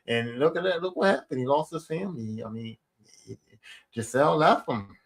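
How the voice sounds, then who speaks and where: A man's voice: fairly high pitch, animated, moderate pace, creaky. A middle-aged man hosting his own podcast, talking in a blunt, rambling way and swearing casually. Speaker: podcast host. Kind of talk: casual solo podcast monologue.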